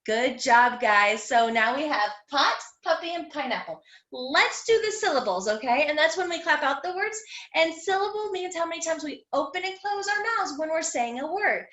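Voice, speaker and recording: Young woman teacher doing phonics with little kids, high voice, slow and sing-songy, kinda echoey room. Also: animated, fairly bright tone. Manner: slow, sing-song, encouraging, sounds out letters. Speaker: kindergarten teacher. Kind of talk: online phonics lesson for young children. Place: home room.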